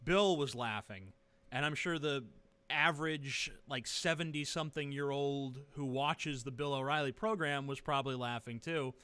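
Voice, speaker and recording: A man's voice: mid-range voice, moderate pace, bright, forceful tone, clean tone. Sarcastic man ranting at his webcam. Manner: sarcastic, profane, rambling with many fillers. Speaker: vlogger. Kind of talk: casual webcam rant. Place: living room.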